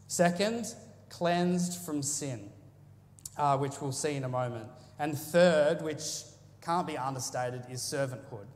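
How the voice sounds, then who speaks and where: A man's voice: on the high side, takes it slowly. Chatty male preacher in a reverberant hall. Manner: casual and chatty, with fillers and asides. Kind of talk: sermon with scripture reading.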